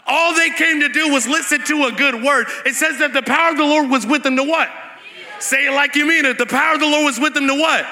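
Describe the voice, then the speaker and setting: At a live worship night in a large church hall, a young man with an extremely high-pitched voice preaches an energetic Pentecostal sermon full of call-and-response. He's fast and excited, repeating words and shouting to the crowd, and the recording carries the hall's long reverb.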